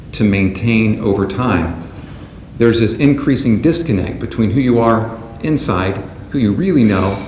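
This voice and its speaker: A man delivering a prepared, measured keynote speech to a conference audience in a large hall. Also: on the low side, darkish tone. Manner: measured, deliberate delivery from a script. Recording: roomy hall sound with faint background noise.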